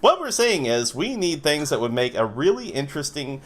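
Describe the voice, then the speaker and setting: A man's voice: on the high side, normal speed. A man hosting an improv comedy stream, explaining games with many "uh"s and asking viewers for suggestions. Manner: lively, rambling explanations with many fillers. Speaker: improv show host.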